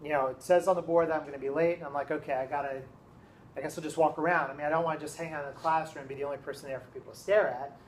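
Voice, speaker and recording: A man's voice: a little high, very fast, slight background noise. Man telling a story to his class. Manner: casual, animated storytelling with many "okay?" check-ins. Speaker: teacher.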